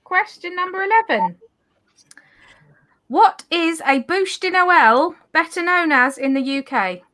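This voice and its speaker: A woman hosting a casual party quiz, reading each question slowly and carefully and laughing at her own slips. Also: very high-pitched, expressive, fairly bright tone. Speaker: quiz host.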